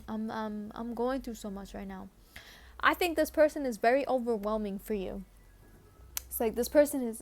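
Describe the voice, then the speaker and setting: A woman giving a casual tarot reading in a chatty way, full of fillers and restarts. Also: fairly high pitch. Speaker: tarot reader.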